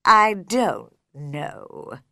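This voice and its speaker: A woman voicing a slow, sleepy and unfriendly male caterpillar in a storybook reading, drawling out curt questions. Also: medium pitch, lively intonation, bright, forceful tone, no room sound, clean studio sound, heavily acted.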